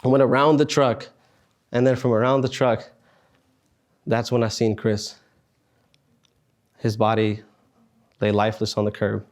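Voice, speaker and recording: A young man in his twenties recounts a personal story to an audience of students. His delivery is earnest and halting, broken up by pauses and heavy sighs, and his voice sits at an ordinary middle pitch. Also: little pitch movement, a little mellow. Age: 20s. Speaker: speaker at a student fellows meetup.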